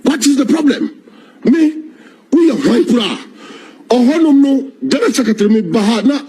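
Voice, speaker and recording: Brief: Ghanaian male panelist, husky and high, swinging pitch, animated storyteller. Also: normal speed. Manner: animated, acts out phone calls with quoted voices.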